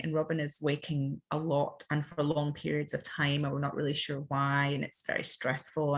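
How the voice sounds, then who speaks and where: A Scottish woman in her thirties, a podcast guest talking candidly and animatedly, full of fillers and quoted asides. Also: low-pitched. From Scotland. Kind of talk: candid conversational interview.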